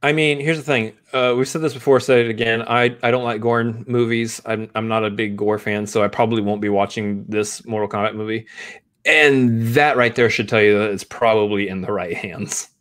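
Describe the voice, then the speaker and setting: Low-voiced man, halting co-host. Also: steady tone, a bit bright. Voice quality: halting, repeats words. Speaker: movie podcast co-host. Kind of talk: casual live-stream chat.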